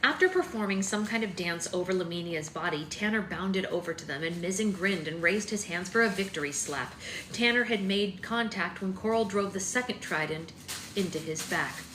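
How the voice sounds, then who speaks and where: A woman's voice: on the low side, moderate pace, fairly bright tone. A woman hosting a live book club, reading a novel aloud steadily with chatty asides. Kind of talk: live-stream read-aloud. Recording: echoey room with faint noise.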